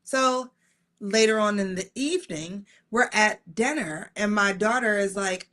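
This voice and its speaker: A middle-aged woman telling a personal story in casual chat, animated and excitable. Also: mid-range voice, moderate pace.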